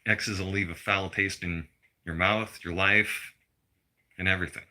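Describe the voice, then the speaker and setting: A man's voice: sits low, steady tone, unhurried, sharp tone. A middle-aged man delivering a blunt, profane personal rant to his viewers. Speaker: vlogger.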